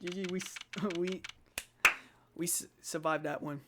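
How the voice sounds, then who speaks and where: A woman streamer reacting excitedly and laughing while reading game dialogue aloud. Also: on the low side, measured pace, very noisy.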